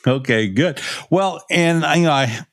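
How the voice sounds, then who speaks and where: A man, co-hosting a podcast as a pitching coach, telling coaching stories in a rambling way with many fillers. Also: expressive, moderate pace, a bit bright. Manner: rambling, anecdotal, many "you know" fillers. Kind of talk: casual podcast chat, storytelling.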